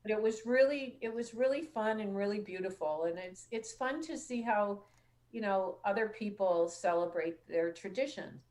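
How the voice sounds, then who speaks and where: A woman's voice: medium pitch, normal speed, darkish tone. A woman hosting a casual call-in show, telling stories in a chatty way and acting out what others said. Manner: chatty storytelling, acts out quoted dialogue. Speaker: show host.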